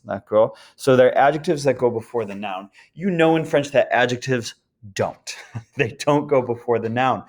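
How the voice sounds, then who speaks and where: A man talks his students through a grammar topic in a recorded lesson, at an easy, unhurried pace. His delivery is relaxed and casual, dotted with ums, and he pauses now and then to check that they follow. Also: medium pitch. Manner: relaxed, frequent ums, chants the word list rhythmically. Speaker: French teacher.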